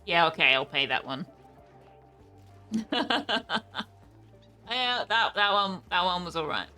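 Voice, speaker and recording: A young woman talks her way through a game on a live stream, thinking aloud and reacting with quick surprise. Her voice sits fairly low, yet it has a bright, forceful edge, with faint music playing underneath. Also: animated. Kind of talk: casual live gameplay commentary.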